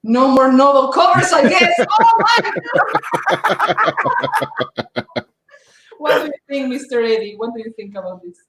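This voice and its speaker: A woman's voice: high voice, lively intonation, unhurried, pauses often, very noisy. Giggly woman streamer, echoey room. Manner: giggly, chatty. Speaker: livestream host. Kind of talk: casual livestream chat.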